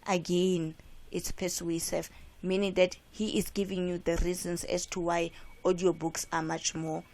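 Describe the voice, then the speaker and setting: A woman's voice: on the low side, flat delivery, measured pace, a little mellow. A woman with a South African accent, an English teacher explaining how to answer comprehension questions and checking in with "right?". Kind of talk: classroom lesson explaining exam questions.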